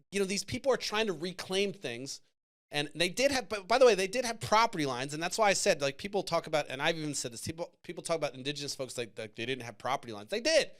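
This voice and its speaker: A man with a slightly higher voice, talking in a loose, heated commentary style. He swears freely and circles back on his points as his feelings run high. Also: fairly bright tone. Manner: passionate, profane, emotional. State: choked up. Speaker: podcast host. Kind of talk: casual commentary.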